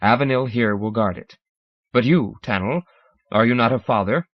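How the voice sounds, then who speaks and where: A huge male alien elder who speaks with grave, formal reproach, as a male audiobook narrator voices him. The delivery is measured and severe. The recording is dry and a little dull. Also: medium pitch, no echo, lightly acted. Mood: stern.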